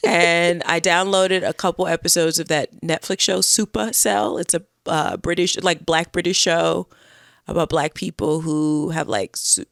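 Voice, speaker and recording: A woman co-hosting a comedy podcast, hoarse and croaky from a cold, chatting casually with self-deprecating, rambling asides. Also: fairly low pitch, fairly even intonation, unhurried, fairly bright tone, dry recording, studio quality. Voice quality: husky, croaky. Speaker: podcast co-host.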